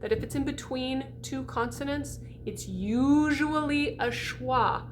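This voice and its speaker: A woman's voice: high voice, takes it slowly, slight background noise. A woman voice coach giving a diction lesson, demonstrating sounds and speaking directly to the viewer.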